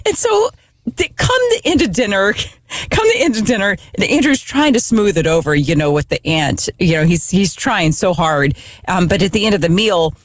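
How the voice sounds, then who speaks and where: A woman casually telling a funny family story in a lively, animated way, often restarting her sentences. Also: mid-range voice, moderate pace, dry recording.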